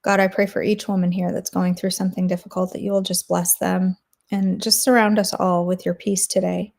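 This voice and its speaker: A woman's voice: fairly low pitch, flat delivery, fairly quick, creaky, a little mellow. A woman hosting a daily devotional, leading an earnest spoken prayer and then chatting casually with her listeners. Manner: earnest, intercessory, repetitive phrasing. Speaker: devotional host.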